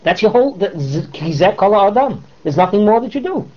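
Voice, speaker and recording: Animated man teaching a Torah class. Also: high-pitched, fairly quick. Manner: animated, mixes Hebrew terms into English, rhetorical questions. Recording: dull lo-fi classroom recording.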